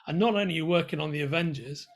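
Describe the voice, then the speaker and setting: Man hosting, husky, a bit high. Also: rapid-fire. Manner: chatty, enthusiastic, calls the guest mate. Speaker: host. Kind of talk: video interview.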